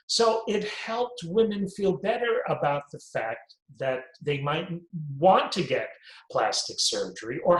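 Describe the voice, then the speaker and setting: A male host giving a health and wellness talk, emphatic and deliberate in his delivery. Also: medium pitch, a bit bright, roomy sound, low-quality recording.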